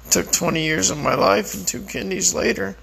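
A tired, weak-sounding man speaking slowly and reflectively in a personal monologue to the camera. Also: high voice, creaky, fairly bright tone, a little hiss or hum, rough recording. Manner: slow, reflective, prayerful. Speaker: vlogger.

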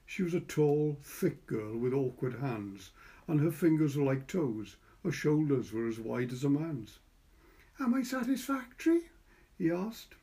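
A man with a Welsh accent reading a short story aloud in measured narration. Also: mid-range voice, dark tone. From Wales. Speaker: audiobook reader. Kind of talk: scripted narration.

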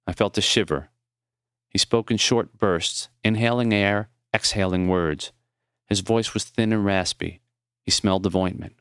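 A man reading his own memoir as audiobook narration, measured and tender. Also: low-pitched, fairly bright tone, smooth, no room sound, studio quality.

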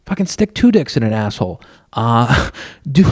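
A man's voice: high voice, very animated, quick pace, darkish tone, no echo, clean studio sound. A man hosting a podcast, rambling through a crude, profane comedic monologue while seated on a stool at a counter, laughing often. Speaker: podcast host.

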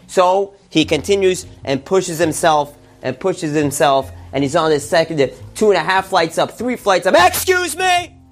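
A man telling a religious story and drawing its lesson, with animated emphasis on key words. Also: a little high, moderate pace, few pauses, soft background music.

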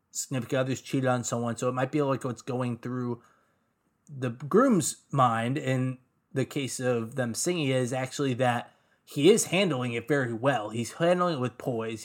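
A man in a medium-pitched voice talks about music as a podcast co-host. He rambles, leaning on fillers like "like" and "um". His delivery is relaxed and keen.

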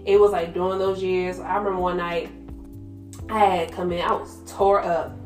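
A woman's voice: fairly low pitch, level tone, moderate pace. A young woman candidly telling her faith story in casual chat, slangy and full of "like" fillers. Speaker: guest sharing her testimony. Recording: roomy echo with soft music behind.

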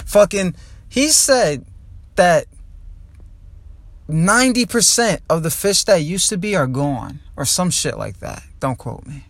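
A man's voice: a little high, expressive, slow pace, creaky, pauses often, dry recording. A young man from New Jersey, a comedian hosting his own podcast, ranting heatedly and with lots of profanity from his car. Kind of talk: angry ranting podcast monologue.

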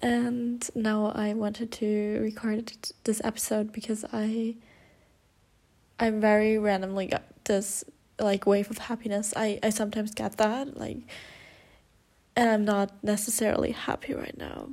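A woman's voice: medium pitch, level tone, measured pace, darkish tone. A young woman hosting her own podcast, chatting casually and emotionally, rambling with many fillers and restarts. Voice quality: rambling, lots of fillers and self-corrections. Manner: emotional, confessional, laughs often. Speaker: podcast host. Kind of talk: casual solo podcast chat.

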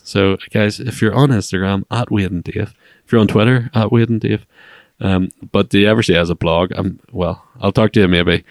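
Podcast co-host, man, very low gravelly voice, dry close mic, rambling casual delivery. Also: no echo. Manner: rambling, many fillers and restarts. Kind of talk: casual chat.

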